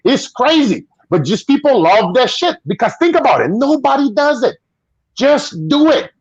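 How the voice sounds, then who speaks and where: A man from Brazil with a Brazilian Portuguese accent, chatting casually as a guest, an animated storyteller who swears casually and acts out voices. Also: very high-pitched, moderate pace, husky, no room sound, muffled recording. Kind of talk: casual chat on a video call.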